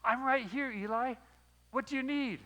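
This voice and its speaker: A man's voice: very high voice, normal speed, a bit bright, dull audio, voice pushed up. A man voicing an earnest young boy who answers eagerly.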